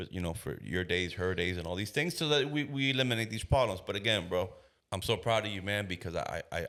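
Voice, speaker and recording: A man in his thirties, a police officer, telling a story on a podcast in casual slang and acting out the voices of the people in it. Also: low-pitched. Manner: animated storyteller who acts out quoted voices.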